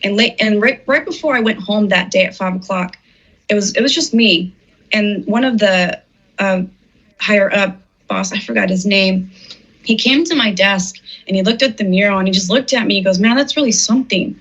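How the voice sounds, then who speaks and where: A woman's voice: mid-range voice, normal speed, fairly bright tone. A middle-aged woman being interviewed, telling her personal story in an earnest, emotional way and acting out the words of people she quotes. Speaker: interviewed artist. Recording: slightly dull, muffled audio.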